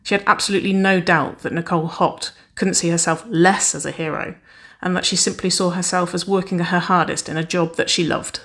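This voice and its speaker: A woman reading a romance story aloud as narrator, in an even, unhurried storytelling voice. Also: lowish voice. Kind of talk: scripted narration of romance fiction.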